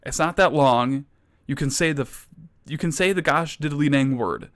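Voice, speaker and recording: Young man, comic lecturer, fake-indignant rants that spike high, voice sits a bit above average for a guy. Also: normal speed. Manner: mock-outraged ranting, escalating to near shouts. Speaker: comedic lecturer. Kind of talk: mock-serious comedy lecture.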